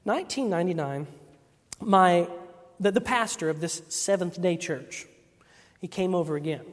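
A man giving a sermon testimony, telling a personal story in an animated way and acting out the voices of the people in it. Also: high voice, normal speed. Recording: long hall reverb.

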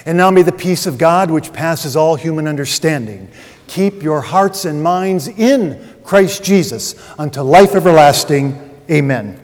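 A man's voice: a little high, animated, measured pace. A man preaching a sermon as pastor, telling a story and acting out its dialogue. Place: church. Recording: long reverb of a large hall.

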